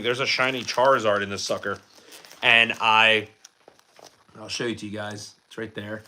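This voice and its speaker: Young male streamer, very bright tone, casual rambling chat answering viewers. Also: mid-range voice. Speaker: streamer showing his collection.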